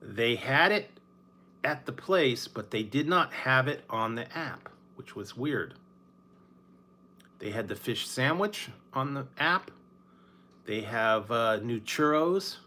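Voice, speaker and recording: A man from Northern California chatting casually about fast food, rambling and laughing often between his words. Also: mid-range voice, expressive, bright, forceful tone. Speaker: food reviewer. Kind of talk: casual late-night chat.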